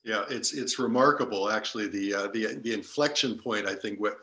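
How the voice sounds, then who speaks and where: A man's voice: lowish voice, a little fast, pushed and bright. A man hosting a conversational interview, asking questions hesitantly and affirming his guest often. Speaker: interview host.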